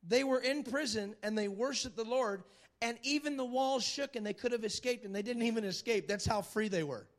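A man's voice: extremely high pitch, brisk. A man preaching a sermon who retells a film story with dramatic energy, repeats phrases for emphasis and keeps asking the listeners whether they are following him. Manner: animated, dramatic storyteller who asks the crowd for agreement.

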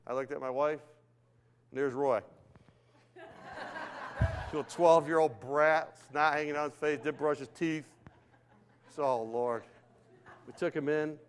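An older man preaching a sermon, telling stories in a lively way that swings from hushed to loud. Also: a little high, moderate pace, long pauses. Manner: animated storytelling, swings between hushed and loud.

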